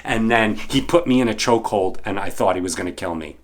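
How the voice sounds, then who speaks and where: Animated middle-aged man telling a story. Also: lowish voice, a little fast. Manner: animated, acts out the people he quotes. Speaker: actor and bartender telling stories. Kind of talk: casual storytelling.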